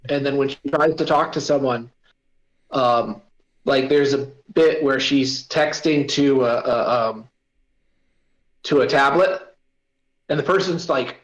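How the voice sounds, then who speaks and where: A man's voice: mid-range voice, moderate pace, poor audio. A man in a casual online writers' chat, explaining his story in rambling bursts full of fillers. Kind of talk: casual group chat about writing.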